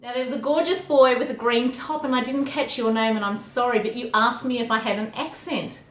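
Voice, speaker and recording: An Australian vlogger records a casual video message for a class of kids, answering their questions in an upbeat, teacherly, chatty way. Her voice is fairly high and fairly quick, with fairly even intonation, and the room is echoey.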